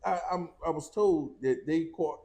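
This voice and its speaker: A man's voice: fairly high pitch, measured pace, dark tone. A man co-hosting a gossip talk show, blunt and casual, swearing freely. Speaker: co-host. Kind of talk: casual celebrity gossip chat.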